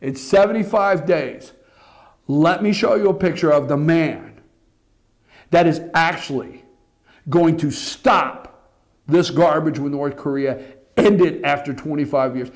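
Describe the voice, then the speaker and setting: A man hosting a political commentary show, talking to the audience in an animated, repetitive way and calling them folks. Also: a little high, a little slow, creaky, long pauses. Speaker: political talk show host. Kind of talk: opinionated commentary.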